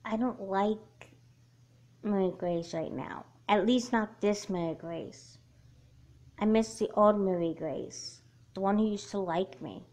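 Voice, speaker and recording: A woman's voice: medium pitch, slow, a little mellow, close to an everyday voice. A woman voicing a young elementary school girl who feels left out, in a homemade doll movie. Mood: pleading. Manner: whiny, upset pleading.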